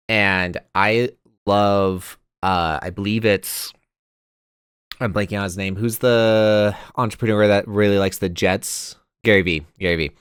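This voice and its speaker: A man's voice: sits low, a bit bright, clear, resonant tone, no echo, clean studio sound. A man co-hosting a podcast, giving his opinion in a thoughtful, hedging way with frequent restarts. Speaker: podcast co-host. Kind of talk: casual chat.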